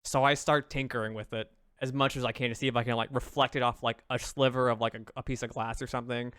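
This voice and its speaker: A man's voice: mid-range voice, level tone, fast talker, a bit bright, clean tone, no room sound, studio quality. A man playing in a tabletop game, rambling and stringing his questions together with lots of fillers. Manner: rambling, keeps saying "like". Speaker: player. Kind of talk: casual chat at the game table.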